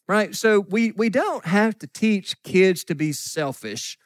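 A man's voice: sits high, expressive, slow pace, no echo. A man in his forties preaching a sermon in a church, folksy and joking as he tells stories. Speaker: pastor. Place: church sanctuary.

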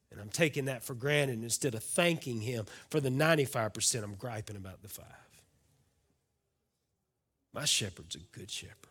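A male pastor preaching a sermon, folksy and full of questions to the congregation, swinging from loud declarations to hushed, quiet lines. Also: medium pitch.

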